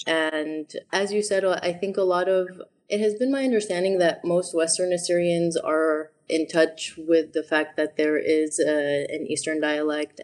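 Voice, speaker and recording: A woman's voice: low-pitched, a little mellow. A woman in her thirties, a guest in an interview, talking reflectively and explaining with examples. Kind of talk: conversational interview.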